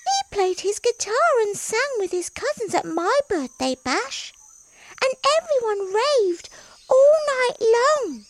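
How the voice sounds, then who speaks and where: A woman voicing a small, chatty, eager mouse in a storybook reading, with a squeaky, drawn-out voice. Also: very animated, no room sound, exaggerated voice.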